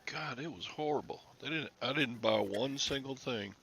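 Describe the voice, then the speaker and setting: A man's voice: medium pitch, normal speed, vocal fry, a bit bright, slight background noise. A man hosting a casual live stream about reselling, grumbling and joking dryly into a headset mic.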